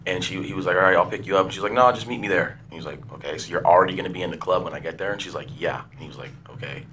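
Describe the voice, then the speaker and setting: A man's voice: deep voice, rapid-fire, a little hiss or hum. A man co-hosting a casual podcast chat, telling an anecdote and acting out the people in it. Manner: animated storyteller, acts out quoted voices. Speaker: podcast co-host.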